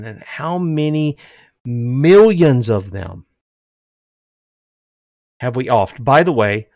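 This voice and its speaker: Preaching a fervent sermon, an older man tells listeners he is emotional. His voice, ordinary in pitch, is animated and unhurried with long pauses, alternating loud, forceful statements with quiet, hushed ones, all captured in a dry, close recording with no echo.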